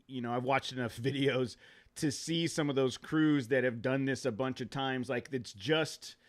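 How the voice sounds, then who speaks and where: A man's voice: medium pitch, fairly even intonation. A man with a mid-range voice hosts a casual podcast. He asks his questions in an easygoing way, with some hesitant restarts. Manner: easygoing, halting questions, quick to laugh. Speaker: podcast host.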